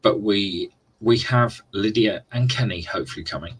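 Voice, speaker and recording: Low husky chatty man. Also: normal speed, poor audio. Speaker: livestream host. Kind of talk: casual live-stream chat to viewers.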